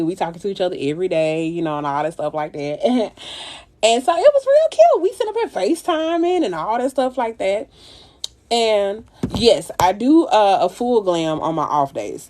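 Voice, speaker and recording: Animated, profane woman telling a story. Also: lowish voice. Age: 30s. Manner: animated, profane, swoops way up when exclaiming. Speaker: makeup livestreamer. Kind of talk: casual storytelling while doing makeup. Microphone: phone.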